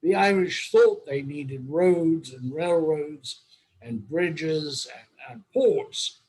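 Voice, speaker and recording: An older Englishman with a fairly high, slightly mellow and breathy voice speaks slowly over a low-quality recording. As host of an online roundtable, he spins long anecdotes full of wry humor.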